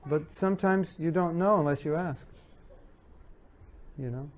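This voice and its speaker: Speaking a little slowly in a slightly high voice, a man delivers an earnest spiritual lecture on marriage, with audience questions, over slight background noise. He repeats his key points and acts out the things spouses say.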